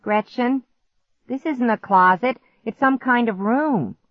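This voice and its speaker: A woman's voice: a little high, slow pace, no echo, pitched above the performer's own voice. Woman reader voicing a nervous, whiny young boy in a storybook; dry, lo-fi sound. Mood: urgent, worried. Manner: whining, urgent.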